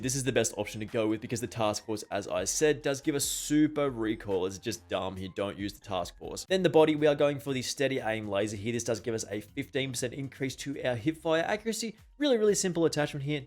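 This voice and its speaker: A man hosting a gaming channel, giving a brisk voice-over guide to weapon loadouts and often repeating stock phrases. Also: medium pitch. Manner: brisk, repeats filler phrases like "just keep that in mind".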